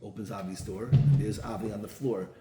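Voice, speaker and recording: A man's voice: on the low side, a little fast, over loud music. A man, a rabbi giving a storytelling sermon who acts out the people in his stories. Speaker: rabbi giving a Torah talk. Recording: echoey room with faint ambient noise.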